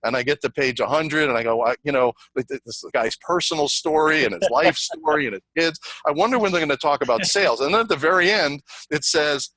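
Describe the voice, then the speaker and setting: A middle-aged man presenting a sales training over a video call, energetic and conversational, repeating himself and telling stories. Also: on the high side, a little fast, few pauses, no echo, low-quality recording. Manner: energetic, repetitive, conversational teaching with anecdotes. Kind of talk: online webinar presentation.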